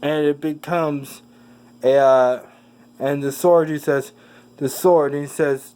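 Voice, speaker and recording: Casual fan storyteller, mid-pitched, talks slowly, stumbles and corrects themself constantly. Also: fairly even intonation, mellow, smooth, poor audio. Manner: halting, with many fillers and self-corrections. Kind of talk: casual rambling retelling.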